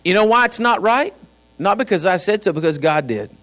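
A man's voice: high voice, animated, a little fast, a bit bright, faint music behind, some chatter behind. A man preaching a sermon as pastor, fiery and folksy, with joking asides. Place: church.

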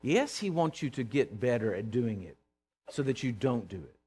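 A man's voice: mid-range voice, very animated, moderate pace, warm tone, breathy edge. A middle-aged man preaching a fervent sermon, calling on the congregation to answer him. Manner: fervent, calls for responses from congregation. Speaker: pastor.

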